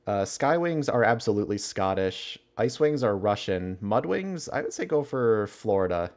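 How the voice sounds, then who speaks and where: A man's voice: lowish voice, sing-song, normal speed, darkish tone. A man chatting casually on a livestream, musing aloud and chuckling often as he answers his chat.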